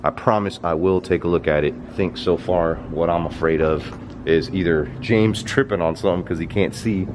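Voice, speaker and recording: A young man hosting an exploring vlog in an abandoned theater, talking casually and getting excited. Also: moderate pace, noisy background. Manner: excitable, jumps up in pitch when surprised. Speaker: vlogger host. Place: abandoned indoor movie theater.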